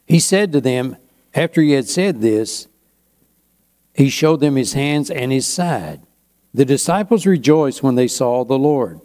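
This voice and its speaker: Pastor, male; slow, unhurried sermon delivery with a warm, mellow tone and chatty asides. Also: mid-range voice, expressive. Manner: slow, conversational preaching with asides.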